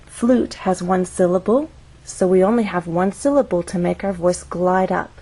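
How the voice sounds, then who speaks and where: A woman teaching English pronunciation, explaining intonation slowly and carefully and demonstrating patterns on example words. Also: on the low side, dark tone, breathy edge, poor audio. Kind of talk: slow, careful instructional explanation.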